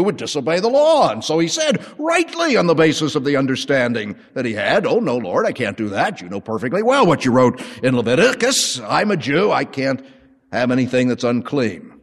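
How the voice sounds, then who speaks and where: A man teaching a sermon with an animated, conversational storytelling manner. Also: mid-range voice. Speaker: Bible teacher. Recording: long hall reverb.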